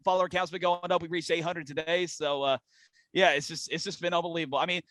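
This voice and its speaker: A young man, a guest on a casual podcast, telling excited stories with lots of fillers. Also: on the high side, fast, no echo. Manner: excited storytelling, many fillers. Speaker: podcast guest, race fan.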